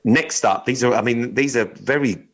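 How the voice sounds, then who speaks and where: A man's voice: mid-range voice, moderate pace, a little hiss or hum, low-quality recording. A man co-hosting a podcast, chatting bluntly with plenty of swearing and reading odd news items aloud with his own asides. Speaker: podcast co-host. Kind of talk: casual chat.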